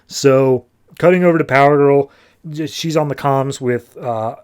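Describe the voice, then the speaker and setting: A male podcast host talks through a comic book plot in a loose, rambling way. His voice sits at an ordinary middle pitch. He drops in quick character voices as he goes. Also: a little mellow, smooth. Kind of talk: casual comic book recap.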